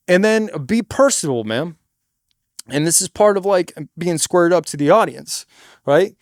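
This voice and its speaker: A man with a high, light speaking voice shares stage tips in a relaxed, slangy way, swearing freely. The sound is close and dry. He sometimes bursts into loud stage patter to show how it is done. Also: moderate pace, dry recording. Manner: demonstrates stage patter by suddenly getting loud. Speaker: singer in a cover band. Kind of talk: casual advice monologue.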